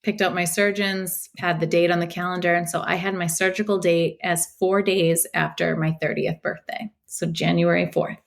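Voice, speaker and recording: A woman from the Boston area, a podcast guest telling her story in a casual, animated way and acting out quotes with laughter. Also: on the low side, moderate pace, gravelly, hardly any pauses.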